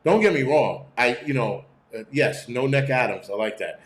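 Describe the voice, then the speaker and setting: A man's voice: mid-range voice, lively intonation, moderate pace, echoey room. A middle-aged man hosting a prepping channel, talking in a profane, blunt, rambling livestream rant from home. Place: room at home.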